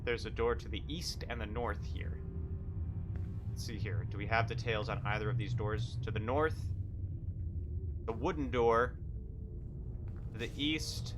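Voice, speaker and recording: A man's voice: on the low side, steady tone, unhurried, pauses often, over music. A man narrating a solo tabletop game, thinking aloud in a casual, self-amused way. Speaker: solo game master and player.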